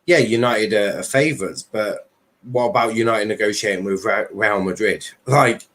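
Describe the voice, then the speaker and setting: A man's voice: on the low side, moderate pace, a bit bright. A man hosting a casual football chat stream, talking in a rambling way with many fillers and restarts. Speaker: livestream host.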